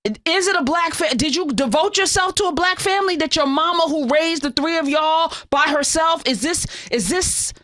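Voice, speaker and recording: A woman's voice: high voice, normal speed, hardly any pauses, a bit bright, no room sound. A woman hosting a talk radio show, delivering fiery, sarcastic, scolding commentary into a studio microphone.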